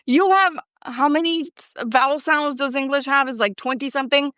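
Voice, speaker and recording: Middle-aged Colombian-accented woman, native Spanish speaker, somewhat high, dry close sound, lively casual talk. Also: normal speed, no room sound. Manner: chatty, animated, many fillers. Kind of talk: casual conversation.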